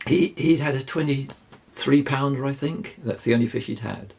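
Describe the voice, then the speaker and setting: An older man, telling rambling fishing stories as a guest, halting and restarting often. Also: medium pitch, darkish tone. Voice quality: gravelly, husky. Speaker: guest angler. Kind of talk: anecdotal storytelling.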